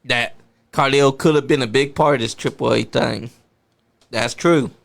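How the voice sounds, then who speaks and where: A man's voice: medium pitch, normal speed, gravelly. A man hosting a casual wrestling watch party, joking and calling the action as it happens. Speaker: host.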